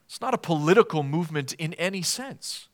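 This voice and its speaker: A man's voice: fairly high pitch, animated, brisk. A man preaching an expository sermon in an earnest, emphatic way, posing rhetorical questions to his listeners.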